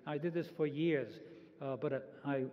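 A man in his eighties giving a public talk as a Holocaust survivor, halting, with frequent restarts and repeated words. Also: on the high side, steady tone. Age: 80s. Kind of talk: public talk, personal testimony. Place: large event hall. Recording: echoey hall, slightly dull sound.

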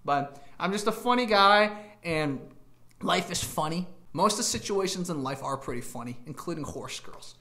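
A man talks straight to his camera in a loose, rambling rant, and his pitch swings widely as he chases one tangent after another. He laughs at his own jokes and throws in crude asides. His voice bounces around a roomy, echoey space. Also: expressive, normal speed, bright, forceful tone. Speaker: YouTube channel host.

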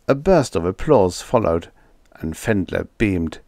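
A male audiobook narrator with a low, lively, expressive voice. The recording is dry and close, with no room sound. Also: a little slow, vocal fry, no room sound. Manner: expressive storytelling. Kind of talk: scripted narration.

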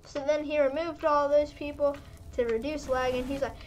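A woman's voice: sits high, steady tone, moderate pace. A woman narrating gameplay in a rambling casual way, restarting sentences and dropping in pirate "yar" fillers. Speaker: gaming video narrator.

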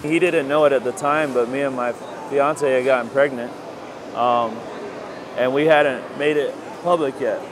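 Man remembering his roommate, mid-pitched voice with steady hum behind; gentle, halting delivery. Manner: soft-spoken, leans heavily on "you know". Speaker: close friend and former roommate. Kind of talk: reflective interview. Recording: noisy background hum.

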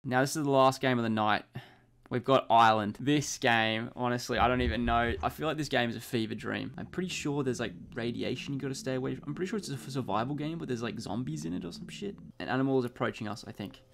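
Gravelly, sweary young gaming man. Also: medium pitch. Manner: excitable, sweary, quick to panic. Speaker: gaming YouTuber. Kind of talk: let's-play commentary.

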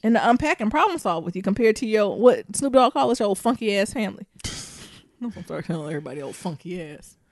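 A woman's voice: mid-range voice, expressive, quick pace, no room sound, clean studio sound. A woman co-hosting a podcast in casual chat, laughing often and swearing freely. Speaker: podcast co-host.

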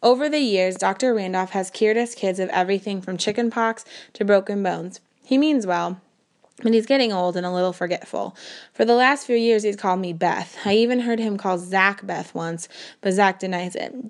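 A woman narrating a first-person novel in a measured, earnest storytelling manner. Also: mid-range voice. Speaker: audiobook narrator.

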